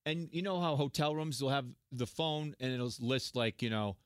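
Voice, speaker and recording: Middle-aged male comic guest; lively anecdotes, mimics the people he quotes, average pitch, dead-dry room. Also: moderate pace, clean tone, no room sound. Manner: animated, acts out quoted voices. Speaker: stand-up comedian guest. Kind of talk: casual storytelling chat.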